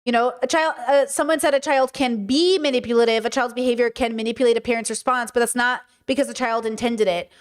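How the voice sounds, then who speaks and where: A woman who streams and hosts a podcast talks emphatically on a casual livestream, asking rhetorical questions and answering her chat. Her voice is a little high with fairly even intonation, and she speaks fast with few pauses, using many fillers and restarts.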